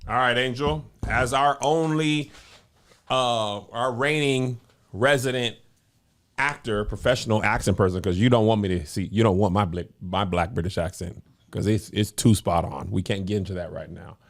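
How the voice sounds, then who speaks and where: A man's voice: lowish voice, fairly even intonation, normal speed. A man hosting a podcast, chatting conversationally and bringing up news items. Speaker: podcast host. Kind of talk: casual podcast chat.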